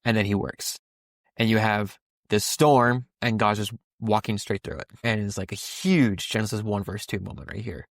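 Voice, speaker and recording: A man's voice: lowish voice, steady tone, normal speed, creaky, no echo. Young guy on a podcast, rambly bible chat, dry close sound. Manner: rambling, many restarts and fillers. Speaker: podcast co-host. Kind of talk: casual Bible discussion.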